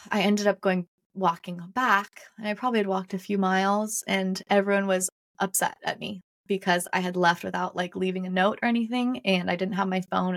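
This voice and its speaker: A woman's voice: medium pitch, vocal fry. A young adult woman hosting a podcast, telling her own life story in a candid, reflective way and often repeating her phrases. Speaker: podcast host. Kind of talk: personal storytelling monologue.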